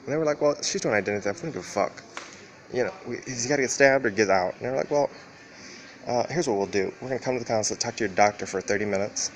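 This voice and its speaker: A man's voice: mid-range voice, very fast. A man rambling through a profane, casual monologue while riding a train, laughing often. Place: on a train and station platform. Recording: noisy train ambience.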